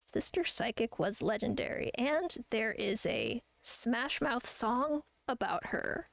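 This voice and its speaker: A young woman chats casually on stream while drawing. She rambles, swears freely and laughs a lot. Her voice sits fairly high with a lot of vocal fry, in a dry, close sound. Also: animated, takes it slowly, no room sound. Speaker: streamer and artist.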